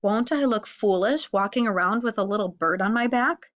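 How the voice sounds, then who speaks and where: A woman's voice: mid-range voice, normal speed, a bit bright, muffled recording, natural voice. A woman voicing a grumpy, lonely male rhinoceros in a read-aloud animal story, huffing and grumbling his lines. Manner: huffy and grumbling.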